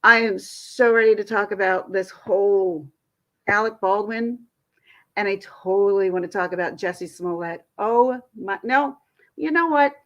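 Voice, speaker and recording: A woman's voice: mid-range voice, measured pace. A woman hosting her own livestream, talking casually and venting with frustration, rambling and restarting her sentences. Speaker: livestream host. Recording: dull lo-fi stream audio.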